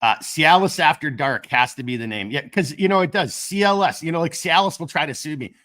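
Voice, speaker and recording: Coming down with a cold, a middle-aged Minnesotan-accented man hosts a gear company channel's casual livestream, rambling and cracking jokes at his own expense. He speaks a little fast with lively intonation, in a bright, forward voice that's slightly high.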